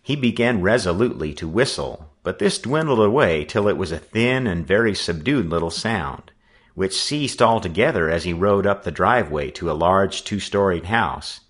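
Deep-voiced man reading a storybook aloud, voice rising and falling a lot. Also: expressive, moderate pace, breathy edge. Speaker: audiobook narrator. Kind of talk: scripted narration.

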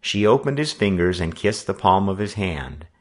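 Audiobook narrator, man, very deep and lively in pitch. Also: moderate pace. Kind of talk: scripted narration.

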